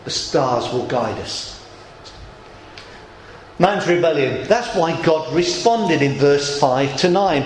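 A middle-aged pastor preaching a sermon, emphatic and rhetorical, slowing words down for effect, in a church hall. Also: male voice, fairly high pitch, expressive, a little hiss or hum.

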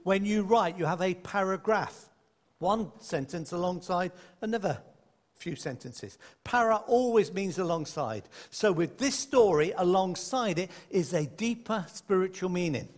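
A man preaching a sermon to a congregation, lively and conversational, with playful asides. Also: sits high, unhurried. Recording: echoey hall.

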